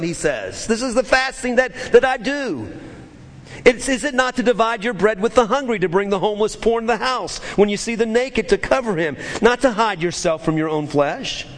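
Impassioned high-voiced preacher. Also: male voice, animated, moderate pace, long reverb tail. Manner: impassioned preaching, swelling high then dropping low. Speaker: pastor. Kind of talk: sermon.

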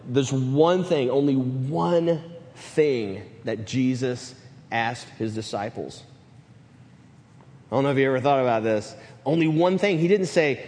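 Preaching man, mid-pitched, emphatic and dynamic, long hall reverb. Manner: emphatic, swings from loud to hushed. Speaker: pastor. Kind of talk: sermon.

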